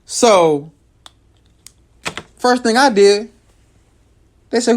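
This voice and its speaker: A man telling a personal story to his viewers in a casual, animated way, jumping from loud high outbursts to low, quiet asides. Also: a little slow, long pauses. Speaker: comedian and show host.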